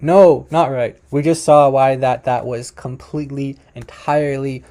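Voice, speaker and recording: Emphatic man, dark-toned, commentating a video. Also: mid-range voice, steady tone, a little slow, hardly any pauses. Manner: emphatic, corrects himself often, addresses viewers as guys. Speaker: host reacting to a video.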